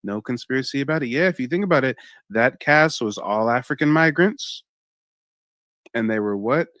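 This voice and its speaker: A young man hosting a live-stream reaction, talking straight to his chat in an animated way and exclaiming often. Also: mid-range voice, moderate pace, no echo.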